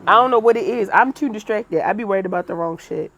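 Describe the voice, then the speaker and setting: A woman's voice: medium pitch, fast talker, fairly bright tone. A woman co-hosting a podcast, talking in a blunt, profane, opinionated way in casual chat. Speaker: podcast co-host.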